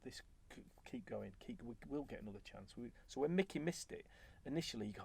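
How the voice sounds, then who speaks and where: A former footballer as a guest, telling stories in relaxed chat and acting out what was said. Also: male voice, medium pitch, a little fast, gravelly, hardly any pauses, slight background noise. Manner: animated, acts out quoted remarks. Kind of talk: conversational storytelling.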